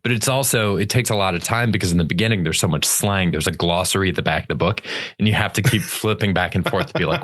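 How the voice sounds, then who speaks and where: Low-voiced rambling young man. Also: fairly quick, a bit bright. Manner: rambling storyteller, swears, laughs mid-sentence. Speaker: podcast co-host. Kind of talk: casual chat.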